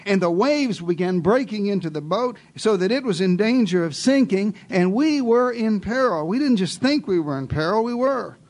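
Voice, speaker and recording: A man with a notably high voice delivers a sermon as a first-person story, speaking as one of the disciples. He moves between quiet, confiding asides and bold, raised lines, often turning to the listeners with questions. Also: lively intonation, normal speed, hardly any pauses. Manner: theatrical, shifting between hushed asides and raised exclamations; addresses listeners directly with rhetorical questions. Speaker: preacher.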